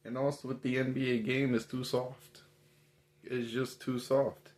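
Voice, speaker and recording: A man rants in a casual, exasperated way about what bothers him. He keeps firing emphatic rhetorical questions. His voice sits at an ordinary middle pitch. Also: level tone, unhurried, a little mellow. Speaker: commentator. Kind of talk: casual opinion rant.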